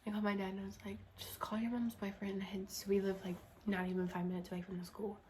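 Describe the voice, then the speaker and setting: A woman's voice: mid-range voice, level tone, fast, darkish tone, slight background noise. A young woman telling a rambling, frustrated story from her school days in a casual chat style, full of "like" and restarts. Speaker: vlogger.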